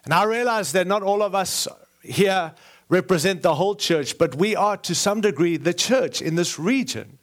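A man's voice: high voice, lively intonation, normal speed. A middle-aged man with a mixed Australian and American accent preaching a sermon as a guest speaker, earnest with joking asides and repeated phrases. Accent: Australian-American mix.

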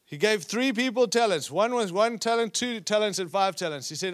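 A man preaching a sermon at a conference, acting out scripture quotes and dropping to a hush at times. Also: sits high, animated, brisk. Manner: preaching with sudden drops to a hushed voice; acts out quoted speech from scripture stories. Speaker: conference speaker. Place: conference hall.

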